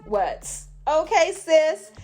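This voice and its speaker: A woman's voice: high-pitched, sing-song, extremely slow, darkish tone, faint music behind. A woman chatting through a hair tutorial in a hyper, gushing way, calling her viewers honey and sis. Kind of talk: casual tutorial chat.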